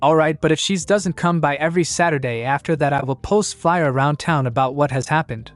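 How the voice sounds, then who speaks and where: A man voicing a stubborn teen ninja boy, firm, lightly raised pitch, plain storybook reading, faint music underneath. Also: brisk, dry recording, lightly acted.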